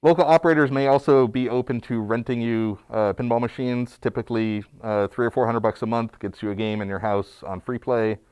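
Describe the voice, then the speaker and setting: A man's voice: medium pitch, steady tone, brisk, hardly any pauses, a little mellow, smooth, no echo. A man who is a guest pinball technician, chatting casually on a livestream with many fillers and restarts. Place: small studio.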